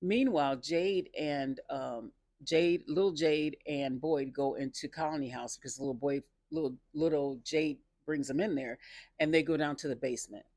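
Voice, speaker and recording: Guy recapping a show episode, kinda high voice, laughs a lot, gets excited, dry sound. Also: moderate pace, no echo. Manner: chatty, laughs often, excited personal asides.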